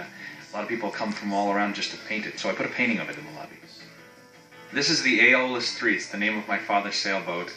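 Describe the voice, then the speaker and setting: A man from Massachusetts, a film director, giving relaxed, anecdotal commentary with light fillers. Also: lowish voice. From Massachusetts, USA. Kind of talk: DVD commentary. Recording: roomy echo.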